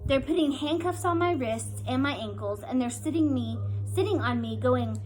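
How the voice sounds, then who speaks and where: A woman reads a first-person story aloud in a high, clear voice, earnest and pressing forward through the tense passages. Music plays clearly behind her reading. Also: lively intonation, moderate pace, darkish tone, low-quality recording. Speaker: audiobook reader.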